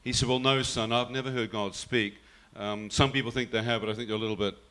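A man's voice: fairly low pitch, fairly even intonation, fast, bright, forceful tone. A man telling a personal faith story earnestly, often quoting his mother's words. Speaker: guest telling his testimony.

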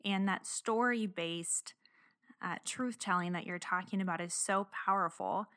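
A woman's voice: on the low side, a little slow, fairly bright tone, dry recording. Young woman, interview host, earnest tone, dry close sound. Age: young adult. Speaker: show host. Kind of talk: interview talk.

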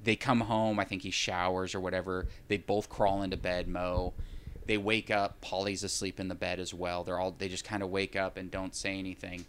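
A man's voice: deep voice, level tone, normal speed, fairly bright tone, a little hiss or hum. A man in casual chat, recapping a film in a rambling way with wry, sarcastic asides.

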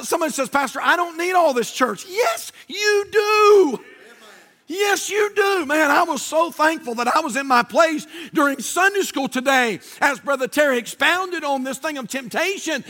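A male pastor delivers a lively sermon in a very high voice. His tone is bright and ringing. He carries long anecdotes and climbs into shouted emphasis. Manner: animated storytelling preacher, shouting at peaks. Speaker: Baptist pastor.

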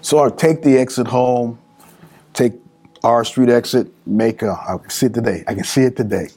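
A middle-aged man from California, telling a personal story as a guest in a casual interview, animated and acting out family members. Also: mid-range voice, moderate pace. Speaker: guest, small business speaker.

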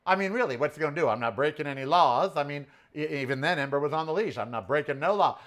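A man in his forties from Southern California, telling a story in a casual, sassy, animated way while cooking on a home vlog. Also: fairly high pitch, fast talker.

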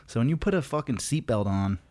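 A man's voice: medium pitch, animated, brisk, a little mellow. A man co-hosting a podcast, telling a story in a loose, profane, laid-back way with lots of fillers. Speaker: podcast co-host. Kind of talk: casual storytelling chat.

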